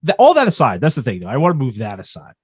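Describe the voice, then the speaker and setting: A man's voice: medium pitch, wildly swooping pitch, fast talker, breathy edge, no echo, studio quality. A man co-hosting a podcast in casual chat, rambling and restarting his thoughts as he works through a point. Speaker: podcast co-host.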